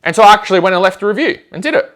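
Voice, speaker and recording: A man talks fast in a fairly high, very lively voice, telling stories in a relaxed chat. He acts out the back-and-forth of conversations as he goes. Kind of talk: casual storytelling chat.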